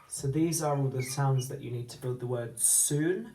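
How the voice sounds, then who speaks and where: A man teaching a phonics lesson, slowly sounding out letters and words. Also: medium pitch, dark tone, roomy sound, slight background noise, rough recording. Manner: slow, deliberate, sounding out letters.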